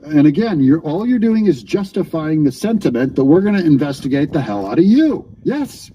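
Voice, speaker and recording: A man's voice: on the high side, very animated, fairly quick, mellow, dull audio, slight background noise. A man hosting his own commentary channel, talking back at clips in a mocking, sarcastic way.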